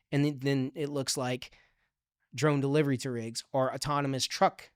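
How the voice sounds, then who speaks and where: A man with a smooth, resonant voice speaks as a guest on a casual podcast. He thinks aloud in long, upbeat runs, full of fillers and restarts, and the sound is close and dry. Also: medium pitch, no room sound. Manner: upbeat and forward-looking. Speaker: podcast guest, digital strategy manager.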